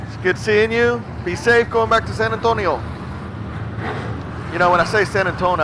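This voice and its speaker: A man announcing a race at an outdoor track, with folksy, excitable play-by-play calls. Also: high-pitched, normal speed. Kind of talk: live race commentary. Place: outdoor racetrack. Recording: noisy outdoor track, engines behind.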